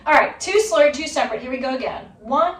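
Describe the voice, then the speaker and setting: In an instructional video, a fiddle teacher in her thirties gives a lesson, upbeat and encouraging, counting her student in before she plays. Her high voice has lively intonation and moves at a quick pace. The roomy, distant recording carries crowd noise, and her violin plays between phrases.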